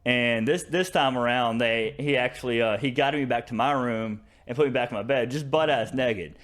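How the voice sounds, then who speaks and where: A man's voice: medium pitch, moderate pace, a bit bright. Rambling southern guy telling a story. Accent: Southern American. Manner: rambling, many fillers and restarts, laughs through stories. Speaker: podcast co-host. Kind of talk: casual storytelling chat.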